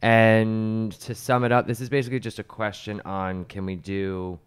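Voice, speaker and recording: A man co-hosting a hairdressers' podcast in casual chat, explaining techniques in a measured, teacherly way. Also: on the low side, flat delivery, clean tone. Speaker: hairstylist co-host and colour educator.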